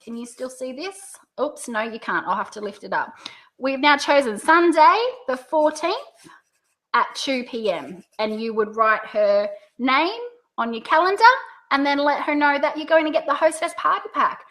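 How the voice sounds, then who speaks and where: Bright high-voiced Australian woman coaching. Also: animated, normal speed. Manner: upbeat, coaching, exaggerates rising and falling pitch. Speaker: direct sales coach. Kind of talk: video tutorial.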